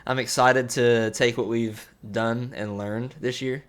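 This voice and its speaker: A young man co-hosting a podcast in casual chat, talking in halting bursts with lots of restarts and easy laughter. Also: mid-range voice, steady tone, clean tone. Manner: halting, many restarts and fillers, laughs easily. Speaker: podcast co-host.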